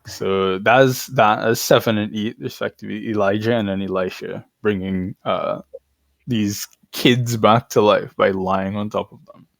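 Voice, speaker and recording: Man, low voice, dry close sound, casual podcast chat, slangy and irreverent. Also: fairly even intonation, measured pace, gravelly, no room sound. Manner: irreverent slangy retelling with laughs. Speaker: podcast co-host.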